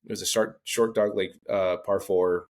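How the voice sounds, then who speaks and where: A man's voice: deep voice, steady tone, moderate pace, a little mellow. A man co-hosting a golf podcast, chatting casually and telling stories in a rambling way with many restarts. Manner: rambling, lots of restarts and fillers, storytelling. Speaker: podcast co-host. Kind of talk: casual chat.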